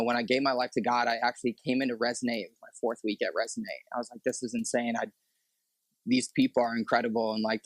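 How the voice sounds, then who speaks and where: A young man sharing a personal testimony on a podcast, halting and full of fillers and restarts. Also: medium pitch, no echo, low-quality recording. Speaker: podcast guest. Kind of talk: personal testimony in casual talk.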